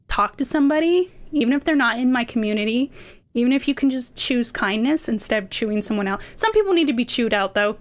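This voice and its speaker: Passionate, slightly high-voiced woman streamer. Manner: passionate, can sound indignant; rambling, many fillers. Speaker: VTuber streamer. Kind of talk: casual livestream chat.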